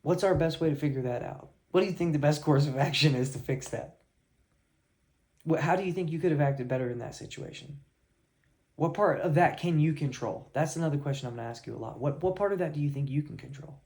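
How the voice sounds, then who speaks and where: A man's voice: a little high, brisk, darkish tone. A man coaching his viewers in a blunt tough-love rant, swearing heavily and fired up. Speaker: life coach.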